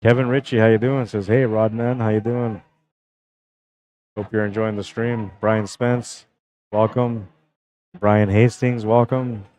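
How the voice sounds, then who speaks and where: A relaxed young man talks his way through a pool match on his own live stream. His voice sits fairly low, and his delivery is loose and chatty as he calls the shots and greets viewers one after another. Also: measured pace, pauses often, no echo, low-quality recording. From Canada. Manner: laid-back, chatty, greets viewers by name. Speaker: pool tournament streamer and commentator. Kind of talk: casual live-stream commentary.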